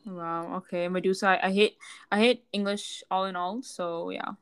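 A teenage girl co-hosting a casual podcast chat, animated and exclamatory, teasing her co-host. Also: lowish voice, normal speed, smooth.

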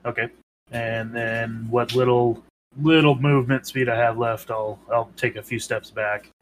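A man's voice: mid-range voice, steady tone, unhurried, a little hiss or hum, low-quality recording. A man playing a tabletop game over a voice call, matter-of-fact. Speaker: player.

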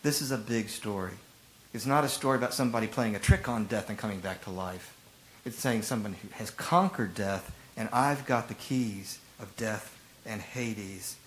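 A man preaching a sermon as a pastor, retelling stories with lively emphasis and acted-out quotes. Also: on the low side, normal speed, a little hiss or hum, poor audio. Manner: animated storytelling, acting out rhetorical quotes.

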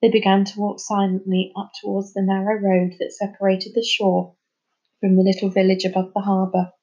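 A woman reads a children's story aloud in an even, mid-pitched voice, livening up for the dialogue. The recording sounds a little dull and lo-fi. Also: normal speed, breathy edge. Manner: lively, voices the children's lines higher and louder. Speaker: reader.

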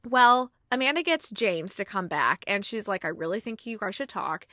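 A woman's voice: a little high, moderate pace, a bit bright, no room sound, clean studio sound. A young woman chatting through a movie plot recap with lots of fillers, easily moved. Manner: chatty, filler-heavy, emotional. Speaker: movie reviewer.

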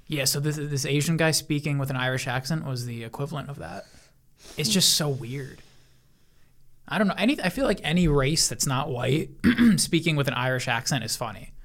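A man's voice: fairly high pitch, normal speed, fairly bright tone. A man co-hosting a podcast in casual chat, rambling, swearing and laughing often. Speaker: podcast co-host.

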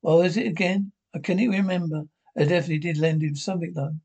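Sitcom role: a Scottish old-timer, husky, grumbling, a touch high-pitched. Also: male voice, steady tone, quick pace, a little mellow. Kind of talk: sitcom acting.

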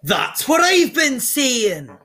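A game master voicing a hot-headed male dwarf blacksmith who brags loudly and takes offense easily. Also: sits high, wildly swooping pitch, takes it slowly, pitched above the performer's own voice, full character voice. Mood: indignant. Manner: shouting, indignant bragging.

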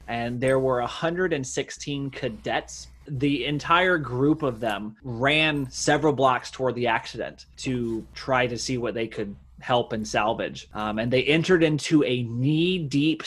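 A man co-hosting a casual podcast, steadily recounting a story and joking along. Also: mid-range voice. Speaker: podcast co-host telling the story.

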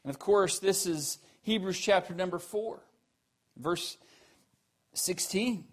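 Man with a high voice preaching; earnest, questioning, swings from emphatic to quiet. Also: slow. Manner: rising to emphatic peaks, then dropping low and quiet; earnest, asks the listeners questions. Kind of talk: sermon.

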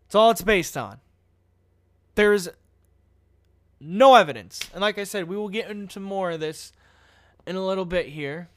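A man's voice: high-pitched, animated, normal speed, long pauses, fairly bright tone. A young man talking casually about politics, blunt and mocking, swearing often as he reads news aloud. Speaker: political commentary host.

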